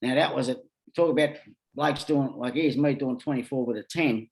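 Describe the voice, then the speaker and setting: A man's voice: medium pitch, moderate pace, vocal fry, a little mellow. An Australian man telling rambling stories as a podcast guest, talking bluntly and swearing freely. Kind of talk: casual storytelling.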